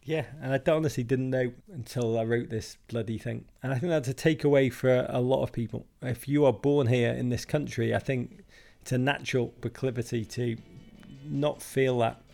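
Middle-aged english guy, gravelly voice, emphatic and wry, chatting as a guest. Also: medium pitch, fairly even intonation, normal speed, warm tone, soft background music. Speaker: guest author. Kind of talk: casual interview chat.

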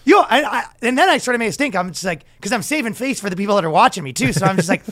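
A male comedy podcast host with a slightly raised voice, recorded dry and close. He tells stories in a lively, laughing way, slipping into the voices of the people he quotes. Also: sits high, fast, no echo. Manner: animated storyteller, laughs often, acts out quoted people. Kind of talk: casual comedic chat.

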